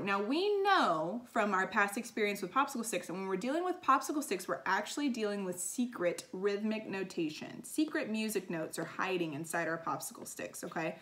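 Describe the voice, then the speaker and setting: Woman music teacher, upbeat and patient, mid-pitch voice, talking kids through a lesson. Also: a bit bright. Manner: upbeat teacherly explaining with frequent ums and okays. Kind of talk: recorded classroom lesson for children.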